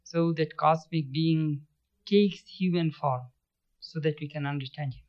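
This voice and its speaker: A man's voice: fairly high pitch, steady tone, a little slow. Man giving a spiritual talk, lo-fi. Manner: storytelling, chants verses, chuckles often. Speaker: spiritual teacher. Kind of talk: spiritual lecture. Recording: dull lo-fi recording.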